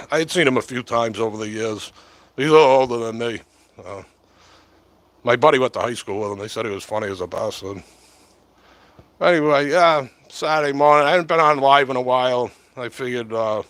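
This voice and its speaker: A man's voice: medium pitch, a bit bright, no room sound. Rambling middle-aged man on a livestream. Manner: chatty, meandering, lots of fillers. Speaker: livestream host. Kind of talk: casual rambling livestream chat. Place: home, close to camera. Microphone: short-corded mic right at the camera.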